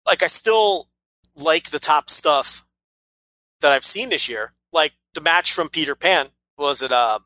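A man's voice: on the high side, expressive, unhurried, sharp tone, low-quality recording. A man co-hosting a casual wrestling podcast, rambling and blunt, swearing freely. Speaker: podcast co-host.

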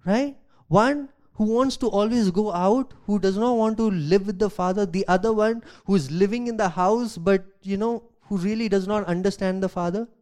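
A man, a pastor, preaching a sermon, reading scripture aloud and asking rhetorical questions, swinging from loud emphasis to quiet asides. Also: high voice, moderate pace. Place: church.

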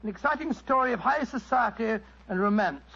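A man's voice: very high voice, lively intonation, a little fast, gravelly, bright, forceful tone, breathy edge, full character voice. An actor playing an earnest, good-natured male doctor in a 1940s radio show. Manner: earnest, eager. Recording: dull lo-fi old radio recording.

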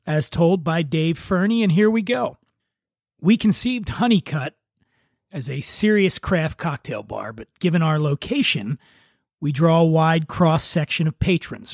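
A podcast host reads a first-person bar story in a relaxed, wry way. His voice sits a bit high for a man, and the close, dry sound has no room echo. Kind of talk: reading a story aloud.

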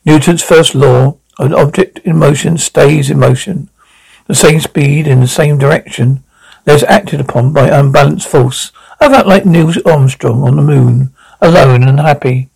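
A man's voice: a little high, a little slow, creaky, a little mellow, slightly rough, exaggerated voice, poor audio. A man giving dry, wry scripted narration for a television comedy.

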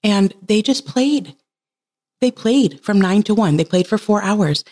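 A woman in her thirties, a podcast guest, telling a heartfelt personal story in casual conversation. She laughs often and leaps up in pitch when she quotes herself. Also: animated, measured pace, mellow. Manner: earnest and heartfelt.

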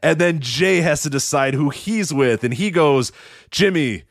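A man co-hosting a casual wrestling podcast, talking in an animated, mocking way and acting out quotes. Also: on the high side, a little slow, no room sound, studio quality. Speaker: podcast co-host.

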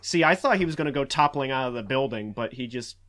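A man hosting a casual podcast talk about films, rambling with many fillers and restarts, and growing animated as he talks. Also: mid-range voice, quick pace, a crowd in the background. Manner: animated, acts out quotes in a raised voice. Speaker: podcast host. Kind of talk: casual film discussion.

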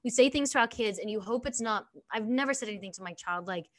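A woman's voice: medium pitch, fast talker. A woman hosting a podcast, chatting casually and self-deprecatingly, with lots of fillers. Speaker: podcast host.

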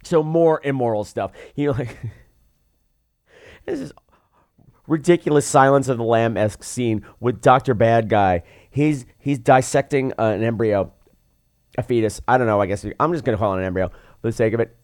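A man's voice: medium pitch, a little fast, no echo, clean studio sound. A man hosting a podcast, recapping a film in a sarcastic, comedic way. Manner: sarcastic, animated storytelling. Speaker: podcast host and film reviewer.

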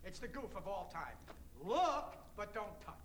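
A man's voice: high voice, big pitch swings, measured pace, a bit bright, slight background noise, exaggerated voice. An actor playing the Devil as a middle-aged man, delivering a mocking, preaching tirade in a film scene. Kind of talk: film dialogue.

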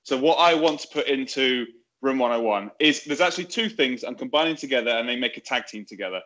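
A man's voice: medium pitch, expressive, fast, fairly bright tone. A man, a wrestler guest, talking in an enthusiastic, rambling casual way. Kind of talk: casual chat.

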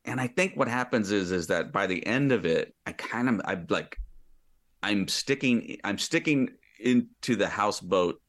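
A man's voice: on the low side, lively intonation, normal speed, a bit bright. A man co-hosting a podcast in casual chat, rambling with frequent restarts and laughs. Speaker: podcast co-host.

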